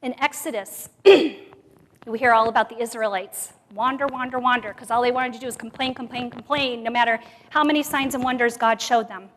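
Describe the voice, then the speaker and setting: A woman giving a sermon at a church women's conference, sharing her own story and moving from quiet to loud, emphatic passages. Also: a little high, moderate pace. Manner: expressive, swings from soft to loud. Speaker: conference speaker. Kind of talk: sermon with personal testimony. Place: church sanctuary. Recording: long hall reverb.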